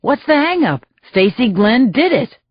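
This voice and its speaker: A woman's voice: a little high, very animated, unhurried, slightly rough, dry recording, dull audio, pitched above the performer's own voice, heavily acted. A woman narrator voicing a blunt male boss who gives curt orders.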